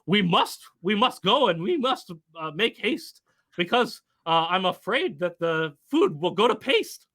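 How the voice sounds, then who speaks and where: A man's voice: sits high, big pitch swings, a little slow, pushed and bright, pitched above the performer's own voice, heavily acted. A man voicing Lutefisk, a fussy, slightly pompous male wizard who speaks in a proper, rhyming way. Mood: urgent.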